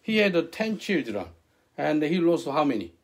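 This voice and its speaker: Animated husky male preacher, high voice. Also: moderate pace. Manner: animated, questions the listeners, broken English. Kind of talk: interactive sermon.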